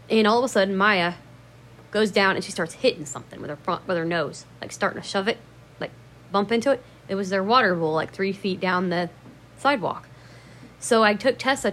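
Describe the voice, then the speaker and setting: A woman casually telling memories about her dogs in a rambling, profane way, laughing at herself and jumping up loud when she acts out what people said. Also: medium pitch, a little hiss or hum. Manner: acts out quoted lines with sudden loud bursts. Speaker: dog owner telling memories. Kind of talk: casual storytelling to camera.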